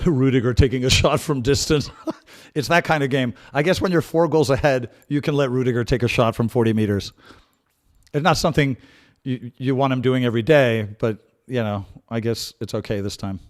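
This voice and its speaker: A man hosting a live football watch-along in a mid-range voice. He talks through the match in a chatty, analytical way, repeating and restarting phrases as he thinks aloud. At big moments he breaks into loud, excited shouting. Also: mid-range voice, fairly quick. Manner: calm tactical analysis with sudden excited outbursts. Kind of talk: live fan match commentary.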